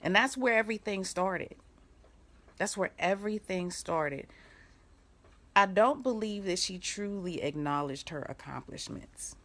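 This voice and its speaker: A middle-aged woman life coach giving an animated, storytelling motivational talk on a live video. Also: mid-range voice. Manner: animated storytelling with quick bursts of laughter; breaks off to give firm commands.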